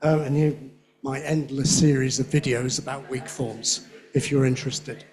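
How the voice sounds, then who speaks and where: A man giving a conference lecture on speech. He talks in a chatty way, checks in with "yeah?" and says his examples slowly and clearly. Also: mid-range voice, steady tone, darkish tone. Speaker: guest lecturer on English phonetics. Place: lecture hall with an audience.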